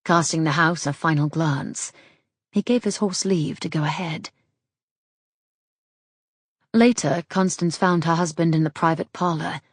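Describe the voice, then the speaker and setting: A woman narrates an audiobook in a measured, even storytelling manner. Her voice is low and husky, and the recording is close and dry with no room around it. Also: no echo. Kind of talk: scripted narration of a romance novel.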